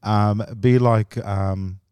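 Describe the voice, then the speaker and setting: A man's voice: lowish voice, fairly even intonation, very slow, darkish tone, clean tone, no room sound. A man telling rambling personal stories in casual podcast chat, laughing often as he goes. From grew up in the US and Australia. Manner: rambling storytelling with frequent laughs. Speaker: comedian guest.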